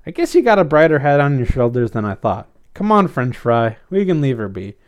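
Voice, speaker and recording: A man voicing Nick, a calm private investigator who speaks in a dry, composed way. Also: medium pitch, brisk, natural voice.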